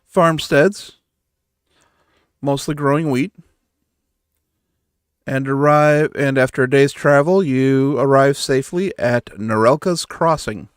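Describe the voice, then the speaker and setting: A man's voice: mid-range voice, smooth, no echo. Male game master narrating a tabletop game; easygoing, dry mic. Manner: easygoing, with restarts while describing.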